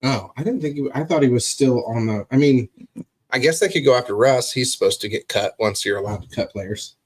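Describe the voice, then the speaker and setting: A man's voice: medium pitch, fairly quick, breathy edge. A young man co-hosting a casual sports podcast, steering topics and recounting plays with swearing. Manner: leads topics, tells game moments with quoted asides and swearing.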